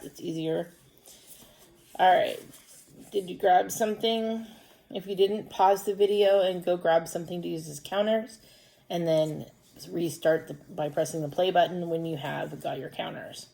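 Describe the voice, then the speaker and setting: Patient woman teaching first graders slowly. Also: on the low side, creaky, a little mellow. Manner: patient, explains step by step to young children. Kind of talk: recorded distance-learning lesson.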